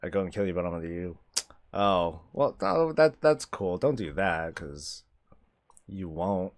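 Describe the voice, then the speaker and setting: A man with a lowish voice talks through his gameplay on a live stream. His pitch jumps around a lot as he chats, swears and laughs along. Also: normal speed. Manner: animated, swears freely, laughs often. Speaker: streamer host. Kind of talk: casual gameplay commentary.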